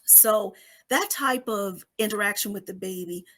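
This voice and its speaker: A middle-aged woman explains a psychology topic conversationally on a podcast, her mid-range voice fairly bright and her pace measured. She often checks in with "okay?" and acts out little scenes, giving babies and parents their own quoted voices.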